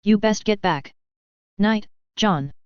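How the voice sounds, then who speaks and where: A woman's voice: mid-range voice, slow, smooth, dry recording, natural voice. A woman reading the lines of a weary, dryly wry male warrior in a fan fiction story. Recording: slightly dull, dry lo-fi recording.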